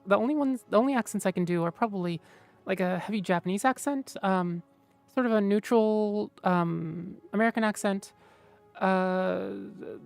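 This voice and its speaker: Woman, streamer, casual chat, rambling, fillers, mid pitch. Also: vocal fry, no echo. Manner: rambling, lots of fillers and mumbling while searching. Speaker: streamer chatting with viewers.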